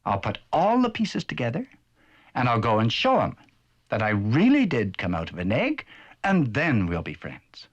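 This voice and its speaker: Tiny earnest chick, played by a man, high and peeping, bouncy delivery for a vintage cartoon. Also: huge pitch swings, moderate pace, dull audio. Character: tiny young male chick, eager and earnest.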